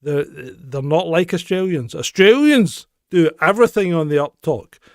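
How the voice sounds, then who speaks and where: A man co-hosting a casual news chat show, opinionated and quick to laugh. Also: a little high, expressive, dry recording, studio quality. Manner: chatty, opinionated, laughs often. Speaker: co-host.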